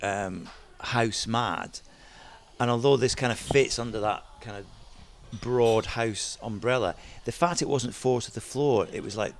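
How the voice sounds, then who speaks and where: A man with a gravelly, rough-edged voice tells club stories with plenty of energy, jumping into other people's voices mid-anecdote. His pitch sits in a middle range for a man. A faint hiss runs under him. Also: unhurried. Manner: lively storyteller, mimics voices in anecdotes. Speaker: DJ guest. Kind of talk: animated storytelling chat.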